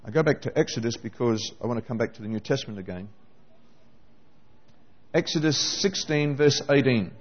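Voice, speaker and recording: A man preaching a sermon, animated and constantly questioning his listeners. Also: medium pitch, normal speed, pauses often, breathy edge, long reverb tail, dull audio. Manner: animated, questioning the congregation directly.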